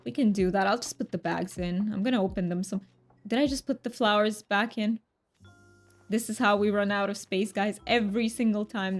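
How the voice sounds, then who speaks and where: A woman's voice: mid-range voice, steady tone, normal speed, faint music behind. A woman streamer chatting casually while gaming, reading her chat aloud, answering viewers and laughing often.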